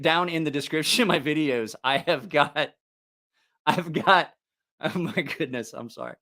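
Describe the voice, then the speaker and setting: A man's voice: mid-range voice, pushed and bright. A man hosting a casual livestream about knives, joking, teasing viewers and laughing often. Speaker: knife channel host.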